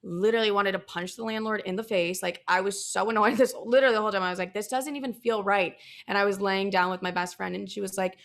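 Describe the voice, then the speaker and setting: A woman's voice: mid-range voice, fairly even intonation, fast, creaky, few pauses. A woman in casual podcast conversation, chatty, acting out her own past thoughts as little quotes.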